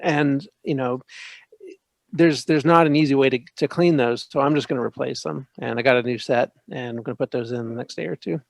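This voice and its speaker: A man with a gravelly, mid-pitched voice talks casually on a podcast. He stops and restarts his words as he explains. The sound is dry and close. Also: fairly even intonation, fairly quick, no echo. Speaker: podcast co-host. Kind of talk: casual chat.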